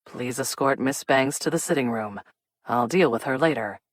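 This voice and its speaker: A woman's voice: extremely low pitch, no room sound. A woman voicing a composed, wryly amused male police detective in an audiobook. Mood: measured. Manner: measured and dry.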